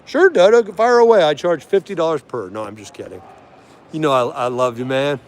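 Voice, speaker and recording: A friendly, talkative man runs a live stream from an aviation museum and answers viewers by name as he goes. His voice sits on the higher side for a man. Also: expressive, brisk. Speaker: livestream host.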